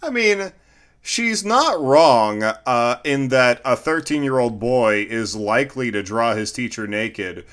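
Bright-voiced man giving wry commentary. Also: medium pitch, lively intonation, takes it slowly. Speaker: podcast co-host. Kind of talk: casual movie review chat.

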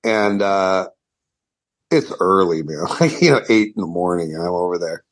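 A man's voice: low voice, lively intonation, moderate pace. A middle-aged man, a guest guitarist, telling a story in a rambling, profane way full of restarts. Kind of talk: casual storytelling interview.

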